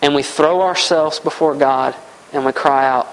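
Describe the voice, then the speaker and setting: A man's voice: on the high side, steady tone, moderate pace, slight background noise, poor audio. A man preaching a sermon, earnest and repetitive, often voicing heartfelt prayers aloud.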